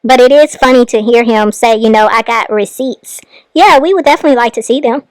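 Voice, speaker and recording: A woman hosting a commentary channel, reacting to a clip with calm, wry asides. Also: fairly high pitch, fast talker, dry recording.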